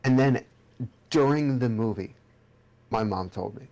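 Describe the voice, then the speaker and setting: A man's voice: medium pitch, a little slow, a little mellow. A young man co-hosting a podcast in casual chat, rambling and swearing freely as he restarts his sentences. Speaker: podcast co-host.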